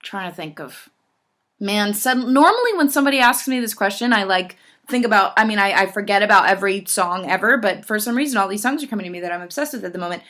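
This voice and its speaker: Bright, effusive woman singer. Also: mid-range voice, expressive, fast. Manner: effusive and enthusiastic. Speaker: singer answering fan questions. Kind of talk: casual fan Q&A chat.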